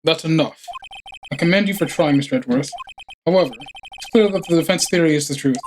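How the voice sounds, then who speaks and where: A man voicing a slow, bewildered judge in measured, halting sentences. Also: a little high, a little hiss or hum, close to an everyday voice. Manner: halting, ponderous. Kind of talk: game dialogue read aloud.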